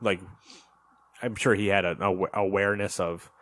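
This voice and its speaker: A man co-hosting a casual podcast chat, telling a story in an animated way and acting out what people said. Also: deep voice, normal speed. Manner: animated storytelling, acts out quotes. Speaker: podcast co-host.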